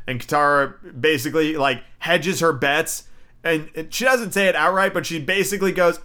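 A man's voice: a little high, moderate pace, sharp tone. A man giving a casual, rambling show review, swearing often and filling his talk with "like.". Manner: profane, filler-heavy, frequent "like".

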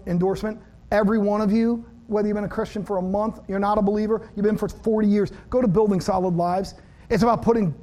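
A man's voice: sits high, a little mellow. A middle-aged male pastor giving a conversational sermon, acting out phone conversations with a friend. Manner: conversational, acts out dialogue with a friend.

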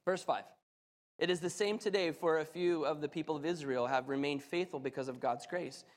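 A man with a high, bright-pitched voice preaches and reads scripture, his sermon rising into fervent, excited storytelling. His voice rings out with a long reverb tail, as if he stands in a large hall. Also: brisk. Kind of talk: sermon with Bible reading.

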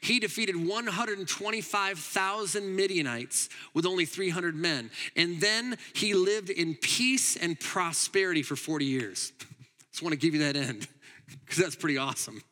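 Bright, animated male pastor. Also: sits high, moderate pace, long reverb tail. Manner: animated and emphatic, with frequent laughs. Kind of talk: sermon.

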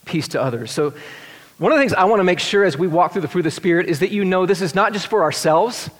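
A man preaching a sermon as pastor, swinging between excited rising questions and hushed, tender passages. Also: high-pitched, quick pace. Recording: long hall reverb.

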